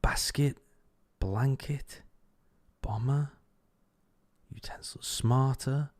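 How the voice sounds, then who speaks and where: A man's voice: medium pitch, steady tone, extremely slow, a little mellow. A man hosting a casual livestream, thinking aloud as he works a word puzzle, repeating words under his breath and swearing casually. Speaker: stream host.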